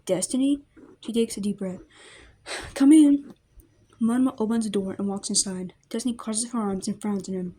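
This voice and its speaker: Mellow-voiced woman reading a story. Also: medium pitch, fairly even intonation, fast talker, few pauses, slightly rough. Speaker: narrator. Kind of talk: reading a fan story aloud.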